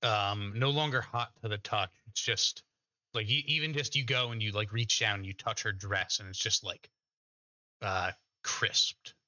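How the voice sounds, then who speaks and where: A man narrating as game master of a tabletop game, pausing often with fillers. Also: lowish voice, sharp tone, no echo. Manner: hesitant, many filler pauses. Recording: dull lo-fi mic.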